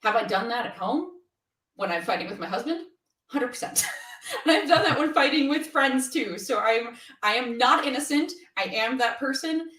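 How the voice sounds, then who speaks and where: A woman's voice: on the high side, moderate pace. Candid woman in a roomy echo. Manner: candid, animated, laughs often. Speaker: interview guest. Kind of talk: casual interview conversation. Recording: roomy echo, from far from the mic.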